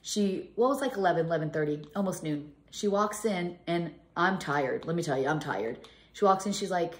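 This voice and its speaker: Rambling home cook in an echoey room. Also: female voice, lowish voice, fairly quick, slight background noise. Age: middle-aged. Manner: rambling storyteller with many restarts and fillers. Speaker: home cooking vlogger. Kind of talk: casual chat.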